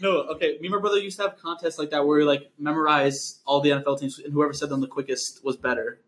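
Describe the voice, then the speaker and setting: A young man hosting a casual podcast, talking quickly and playfully and rattling off lists. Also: on the high side, steady tone, fairly bright tone, reverberant. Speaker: podcast host.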